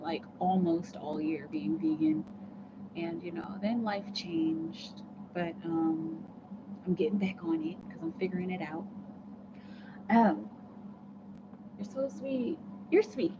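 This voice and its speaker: A woman hosting a casual livestream, chatting with viewers, laughing often and rambling with restarts. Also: medium pitch. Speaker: tarot reader livestream host. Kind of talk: casual livestream chat reading comments. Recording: muffled lo-fi audio with clear background noise.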